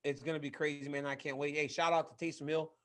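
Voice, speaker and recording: A man with a fairly high-pitched voice, co-hosting a casual sports talk podcast. He talks with enthusiasm, often repeating his lines for emphasis. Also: level tone, fast, a crowd in the background. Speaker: podcast co-host.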